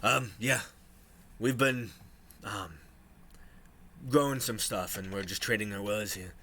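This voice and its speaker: A man voicing a friendly male orc trader who talks eagerly and a bit haltingly. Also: on the low side, fairly even intonation, sharp tone, a little hiss or hum.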